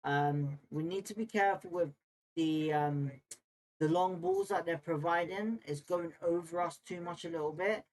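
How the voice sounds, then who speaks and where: A man's voice: on the high side, steady tone, moderate pace. Brief: man, football watchalong host, casual and opinionated, chats directly to viewers. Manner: opinionated, talks straight to viewers. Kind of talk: casual live match watchalong chat, reading viewer comments.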